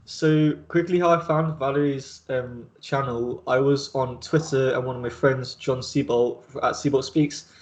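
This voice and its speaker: Male host, mid-pitched, casual and rambling, lots of "like" and "um". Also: steady tone, unhurried, hardly any pauses. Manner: rambling, many fillers and restarts. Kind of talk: casual video chat interview.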